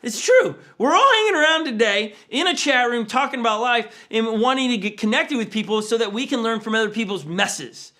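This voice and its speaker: A man's voice: very high-pitched, expressive, brisk, few pauses, pushed and bright. A man in his forties, a pastor, telling stories in a conversational online sermon and acting out family quotes with big jumps in voice. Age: 40s. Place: church livestream.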